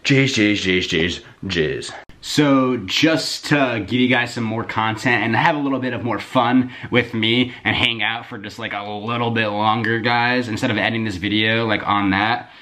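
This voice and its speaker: A young man chatting casually to camera at home, rambling and excitable, swearing freely. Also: mid-range voice, normal speed, few pauses. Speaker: YouTuber. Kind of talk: casual vlog chat to camera. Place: indoors at home, bedroom.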